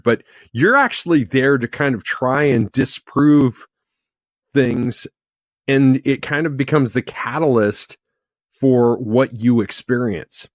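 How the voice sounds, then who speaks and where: A man hosting a podcast, asking a guest interview questions in a measured way. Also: mid-range voice, no echo. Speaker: podcast host.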